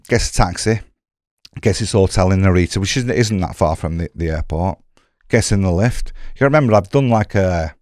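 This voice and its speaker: English man, middle-aged, very low voice, animated storyteller who acts out dialogue, dry close sound. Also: dry recording. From England. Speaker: podcast guest telling his story. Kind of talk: casual storytelling.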